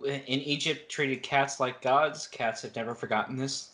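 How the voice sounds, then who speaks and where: A man's voice: medium pitch, fairly even intonation, normal speed, bright, forceful tone. A man co-hosting a casual book-club podcast, summarizing the plot with playful, wry asides. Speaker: podcast co-host.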